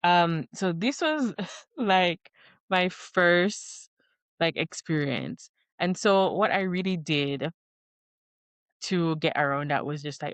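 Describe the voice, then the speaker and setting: A young woman vlogging in casual chat, rambling with lots of fillers and restarts, recorded close in a quiet room. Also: lowish voice, expressive, takes it slowly, no echo. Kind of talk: casual talking-head chat.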